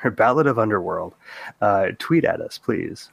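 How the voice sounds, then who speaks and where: A man's voice: on the low side, animated, normal speed, vocal fry, husky, dry recording. A man co-hosting a casual podcast, chatty and wry, acting out his own reactions in quotes. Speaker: podcast co-host.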